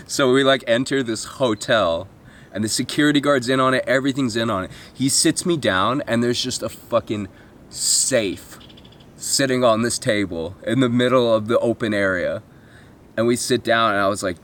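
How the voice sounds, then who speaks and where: A man's voice: lowish voice, moderate pace, a bit bright, slight background noise. A man telling a comic travel story as a vlogger, rambling and swearing, with self-mocking asides and mimicked voices.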